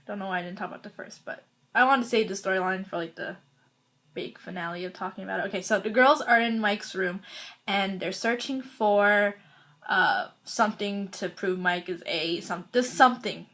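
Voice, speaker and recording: A woman's voice: medium pitch, moderate pace, fairly bright tone. A woman hosting a casual recap video, talking in a rambling, chatty way full of fillers and restarts. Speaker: video host reviewing a TV episode.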